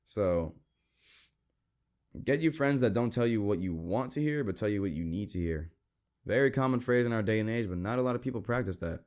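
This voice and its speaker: A young man hosts a Christian podcast in a relaxed, conversational way. His voice sits on the low side, and he speaks earnestly, reading scripture and giving plain advice about friends who hold you accountable. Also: brisk. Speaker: podcast host. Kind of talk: casual Christian podcast talk.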